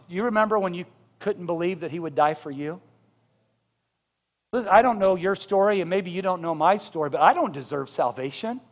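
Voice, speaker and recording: Male pastor, sermon delivery, impassioned swells, bright high voice, long church reverb. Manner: impassioned, rising to loud emphatic peaks. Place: church sanctuary.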